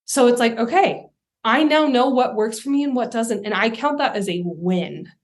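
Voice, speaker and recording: A woman's voice: fairly high pitch, animated, normal speed. Chatty young woman podcast host. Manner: chatty and candid, acts out her own thoughts in quoted asides. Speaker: podcast host, life coach. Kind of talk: casual solo podcast talk.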